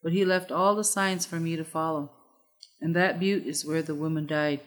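A woman reading as a resolute warrior father from a storybook, speaking in a low, measured way. The voice sits on the low side and comes out firm and steady. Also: lightly acted. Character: grave determined warrior father, middle-aged man.

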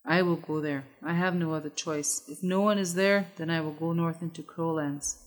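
A woman's voice: sits low, steady tone, moderate pace, close to an everyday voice. Cloud, a woman voicing a resolute warrior father. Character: grave determined warrior father, middle-aged man.

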